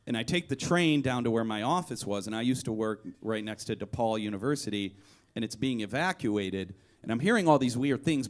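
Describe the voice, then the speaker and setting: A man performing a comedic one-man show live on stage. He tells self-deprecating stories in an animated way and builds up to loud punchlines. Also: mid-range voice. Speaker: comedic storyteller.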